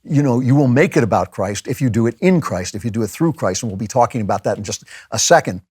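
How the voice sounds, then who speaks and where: A middle-aged man hosts a show in a relaxed monologue, pressing his points with emphasis and acting out the voices of people he disagrees with. His voice sits at an ordinary middle pitch. The sound is dry and close, with no room around it. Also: fast, husky, no room sound. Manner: conversational, emphatic, animated quoting of others. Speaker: podcast host. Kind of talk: casual monologue on faith.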